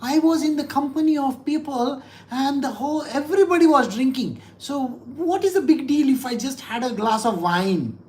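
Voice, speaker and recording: A woman's voice: high-pitched, normal speed. A woman spiritual teacher, giving a blunt, scolding scripture talk full of anecdotes. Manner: blunt, scolding, animated storytelling.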